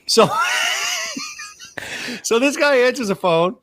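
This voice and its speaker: A man's voice: mid-range voice, animated, a little fast, noisy background. A man co-hosting a podcast, telling a story in casual, profane chat and acting out the voices of people he quotes. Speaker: podcast co-host.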